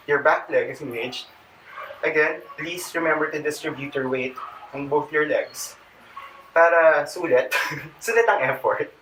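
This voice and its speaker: A man's voice: fairly high pitch, fairly bright tone. A man with a Filipino accent demonstrating a yoga stretching routine, chatty and a bit out of breath, with jokey asides. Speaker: fitness vlogger. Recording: distant mic with faint background noise.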